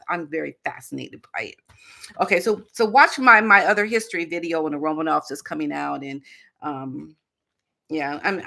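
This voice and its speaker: A woman talks through her commentary in a loose, chatty way, full of fillers and sarcastic asides. Her voice sits a little low and has a bright, forceful edge. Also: vocal fry. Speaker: host. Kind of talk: casual commentary.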